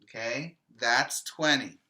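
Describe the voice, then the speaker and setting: A male preschool teacher giving a virtual lesson to small children, speaking in a slow, sing-song, coaxing way, asking questions and repeating words for them. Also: medium pitch, background noise.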